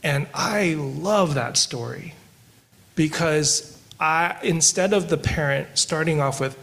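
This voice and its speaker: A man co-hosting a podcast who tells stories while teaching scripture, moving between quick asides and slow, emphatic lines. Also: a little high, creaky, fairly bright tone. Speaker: podcast co-host discussing scripture. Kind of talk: conversational Bible teaching with storytelling.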